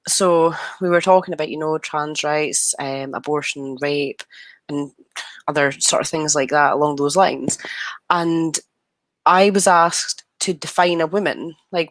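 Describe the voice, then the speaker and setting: A young Scottish woman on a video call, telling her story in animated casual chat and acting out the quoted exchanges. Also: fairly low pitch, normal speed, no room sound. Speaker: guest.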